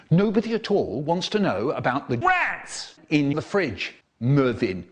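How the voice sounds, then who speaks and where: A man telling a story with animated, theatrical delivery, acting out quoted characters with sudden high squeals and hushed drops, cut into a comedy remix. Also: unhurried, slightly rough.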